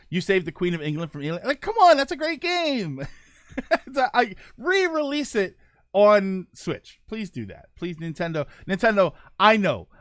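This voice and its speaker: A man's voice: fairly high pitch, dry recording, studio quality. A young man hosting a casual gaming talk show, rambling with lots of fillers and restarts. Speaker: podcast host.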